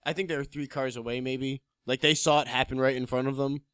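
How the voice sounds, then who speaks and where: A man's voice: medium pitch, steady tone, quick pace, fairly bright tone, smooth, no room sound, studio quality. A young man co-hosting a podcast, chatting casually and filling his talk with likes. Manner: filler-heavy, uses lots of likes. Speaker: podcast co-host. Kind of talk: casual chat.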